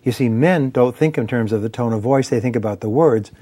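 Male speaker, motivational lecture, measured emphatic delivery, mid-range voice. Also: mid-range voice, mellow, slightly rough. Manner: measured, emphatic, lists points in cadence. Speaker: speaker on persuasion and sales.

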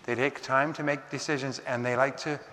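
A man speaking at mid pitch in a large hall with a long, ringing reverb. He gives a motivational seminar talk, measured and emphatic, drawing out key words for weight. The room's echo hangs on his phrases. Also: steady tone, pushed and bright. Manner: measured, emphatic lecturing with dramatic slowdowns.

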